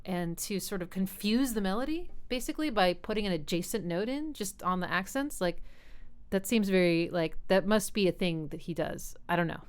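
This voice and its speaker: A woman teaching music, casually thinking aloud as she breaks down a piano piece and hums the melody lines. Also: mid-range voice. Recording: loud piano music behind. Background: piano playing.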